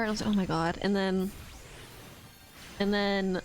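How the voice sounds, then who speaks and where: A woman's voice: mid-range voice, fairly even intonation, moderate pace, soft background music, poor audio. A young woman streamer venting in casual chat to her viewers, swearing often and stumbling over her words. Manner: ranting, frequent swearing and restarts.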